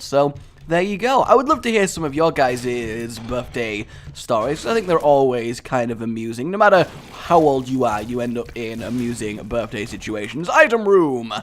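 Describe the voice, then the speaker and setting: Lively chatty male gamer. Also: fairly high pitch. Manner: chatty and rambling, bursts into excited shouts. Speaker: gaming channel host. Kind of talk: let's play commentary.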